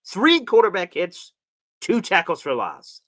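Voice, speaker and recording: A man's voice: sits high, wildly swooping pitch, a little slow, a bit bright, no echo. A man hosting a live sports reaction show, ranting with exasperated sarcasm and frequent profanity.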